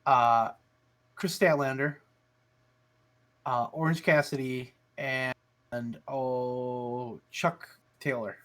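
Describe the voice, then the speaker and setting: A man co-hosting a casual podcast chat, telling animated stories and swearing freely. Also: medium pitch, takes it slowly, long pauses. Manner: animated storyteller, swears a lot. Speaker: podcast co-host.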